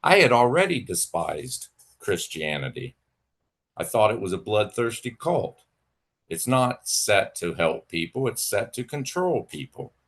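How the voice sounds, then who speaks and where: A man's voice: lowish voice, big pitch swings, a little slow, fairly bright tone. A man on a livestream, ranting angrily and sarcastically at a rival, swearing freely and mocking him. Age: adult with children. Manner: profane, heated, sarcastic. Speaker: livestream host. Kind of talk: angry rant to a rival.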